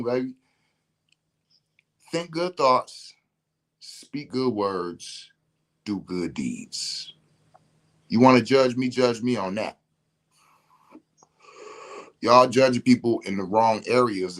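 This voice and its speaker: Male host, ordinary pitch, venting emphatically in loose slang. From Detroit. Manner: emphatic, slangy, repeats himself. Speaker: podcast host. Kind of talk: casual spiritual rant.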